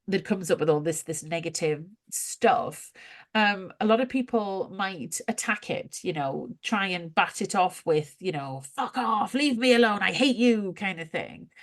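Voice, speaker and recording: A woman co-hosting a podcast, chatting casually about spiritual ideas, animated and quick to laugh. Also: fairly low pitch. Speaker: podcast co-host.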